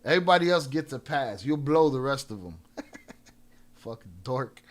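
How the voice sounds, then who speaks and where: A man hosting a live stream in casual chat. He trash-talks trolls with a lot of swearing and gives quick shout-outs full of restarts. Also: mid-range voice, lively intonation. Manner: profane and combative, trash-talking trolls.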